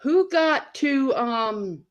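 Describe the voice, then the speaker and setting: A woman's voice: high-pitched, expressive, very slow, highs cut off. A woman hosting a casual livestream, blunt and salty, greeting viewers by name. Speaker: livestream host.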